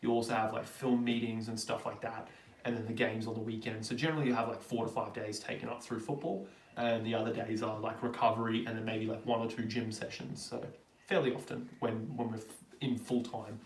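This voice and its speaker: A man's voice: fairly low pitch, flat delivery, a little fast, recorded from a distance. A young Australian man hosting a live Q&A stream, chatting casually as he answers viewer questions. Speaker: livestream host. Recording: roomy, from off the mic.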